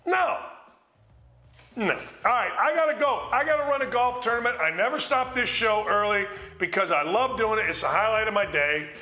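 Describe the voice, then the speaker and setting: Male sports talk host, blunt fired-up rant, sharp bright tone. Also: high voice, lively intonation, a little fast, few pauses, reverberant. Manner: blunt, loud, ranting.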